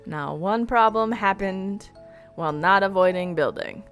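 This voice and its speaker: A woman's voice: medium pitch, measured pace, faint music behind. A woman streamer reading an upbeat scripted voice-over recap of her game week.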